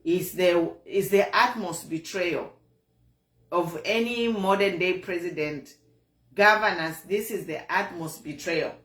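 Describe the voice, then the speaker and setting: A woman's voice: lowish voice, unhurried, a bit bright, echoey room. A Zambian woman hosting an online show, giving an earnest, repetitive political commentary monologue with a tone of disappointment.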